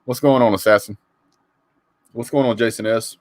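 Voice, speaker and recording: A sports talk host with a mid-range, slightly mellow voice reads live chat at a moderate pace with fairly even intonation, and there's no room sound. It's a casual live call-in show where he greets viewers by name and offers chatty, opinionated takes.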